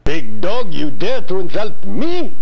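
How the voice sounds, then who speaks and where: A man's voice: high-pitched, wildly swooping pitch, unhurried, breathy edge, exaggerated voice. A man voicing a snooty, brusque photographer in an adventure game, with a fake French accent and a dismissive, haughty manner.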